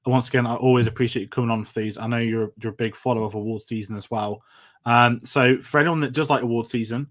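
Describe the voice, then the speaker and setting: A man's voice: mid-range voice, fairly even intonation, fast talker. A man hosting a film review show, chatting casually and running through upcoming content. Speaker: film review podcast host. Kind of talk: casual chat.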